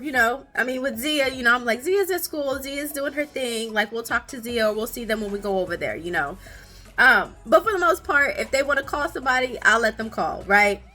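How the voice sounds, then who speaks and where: Animated young mom with a bright voice. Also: female voice. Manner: animated, laughing, high playful voices when quoting her kids. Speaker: podcast host, mother of twin toddlers. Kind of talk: casual storytelling chat.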